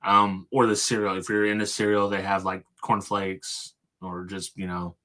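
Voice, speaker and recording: Laid-back low-voiced man chatting. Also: flat delivery, moderate pace, sharp tone. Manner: laid-back, says "dude" and "yeah" often. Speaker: podcast co-host. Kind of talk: casual chat.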